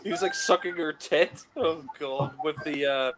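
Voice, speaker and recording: A man's voice: fairly high pitch, moderate pace, noisy background. A man giving casual fan commentary on a film, laughing often and chatting in an amused way. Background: film soundtrack music playing.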